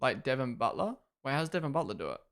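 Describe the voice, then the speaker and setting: Young male streamer, chatty watchalong host who reacts live and thanks chat, mid-pitch voice. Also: sing-song, quick pace, a bit bright. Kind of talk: casual live-stream commentary.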